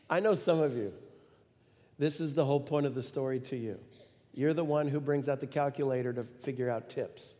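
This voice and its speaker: A middle-aged man preaching a sermon, telling a story in an animated way and acting out the quoted lines with sudden loud bursts. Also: medium pitch, a little slow, long pauses. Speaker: pastor. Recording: long reverb of a large hall.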